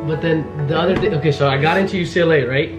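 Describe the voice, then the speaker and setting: A young man in his twenties talking fast as a vlogger, frantic and pleading with nervous laughs. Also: fairly high pitch, reverberant, over music. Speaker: vlogger, law student. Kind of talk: casual vlog talk.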